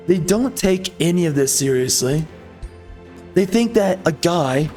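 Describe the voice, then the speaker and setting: Raging over his gameplay, a male video host from the United States pelts out rhetorical questions and softened curses. He has a slightly high voice with a darkish tone.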